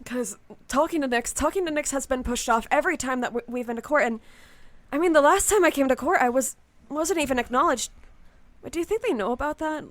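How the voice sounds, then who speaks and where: Woman voicing an anxious vampire courtier, rambling, stumbling, high voice. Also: a little fast, dry recording, lightly acted. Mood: worried. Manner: rambling, stumbling, increasingly indignant. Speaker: player voicing her character.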